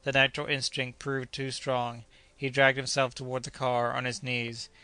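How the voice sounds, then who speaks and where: A man narrating an adventure audiobook in a measured, steady reading. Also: medium pitch, clear, resonant tone, no room sound.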